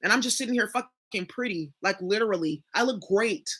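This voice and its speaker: Here the young spiritual reader and channel host has a mid-range, fairly bright voice and speaks a little fast. Her casual talk to viewers stays direct, emphatic, blunt, and laced with swearing.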